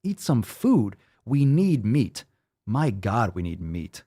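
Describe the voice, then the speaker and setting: A man hosting a live fitness Q&A stream, talking in a profane, ranting and energetic way. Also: lowish voice, takes it slowly. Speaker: fitness show host.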